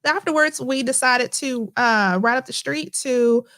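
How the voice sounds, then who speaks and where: Woman host, Midwestern accent, high-set chatty voice, casual storytelling over a video call. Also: a little slow. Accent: Midwestern American. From Midwest US (Cincinnati). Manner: chatty, storytelling, animated asides. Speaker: livestream host. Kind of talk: casual livestream chat.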